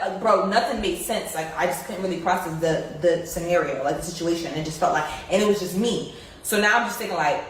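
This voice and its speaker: A young woman casually telling her viewers an emotional story, rambling with many fillers. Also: mid-range voice. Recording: distant, very echoey room, faint noise.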